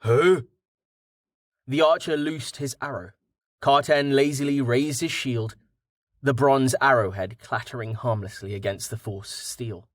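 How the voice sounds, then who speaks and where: In this scripted audiobook narration, a man reads with measured expression. His pitch is medium, and the recording is dry and of studio quality.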